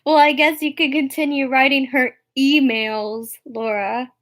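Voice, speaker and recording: A woman's voice: high voice, normal speed, a bit bright. A young woman streaming live who chats casually with viewers in a teasing, mocking way. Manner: teasing, mocking, often laughing. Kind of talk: casual livestream chat.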